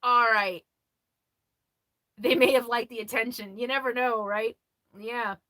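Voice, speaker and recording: A woman hosting a casual livestream about RV life, chatting and answering viewer comments, laughing often and quick to apologize. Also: fairly high pitch, fairly even intonation, sharp tone. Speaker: RV lifestyle livestream host.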